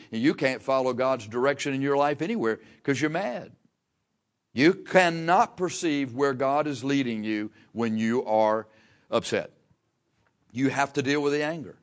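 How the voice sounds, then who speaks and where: Male pastor, mid-pitched voice, folksy plain-spoken sermon with emphatic repetitions. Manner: preaching with emphatic rises and repeated phrases.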